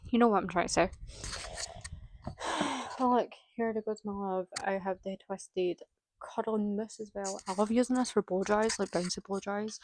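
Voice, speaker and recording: A woman's voice: medium pitch, a little mellow, a little hiss or hum, rough recording. A young woman, a hairdressing student chatting casually and laughing as she goes, with the odd swear. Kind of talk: casual vlog chat.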